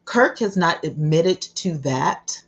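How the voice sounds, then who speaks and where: Low slow-talking woman streamer. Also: expressive, husky. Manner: chatty, greets viewers by name, emotional asides. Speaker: livestream host. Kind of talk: casual livestream commentary.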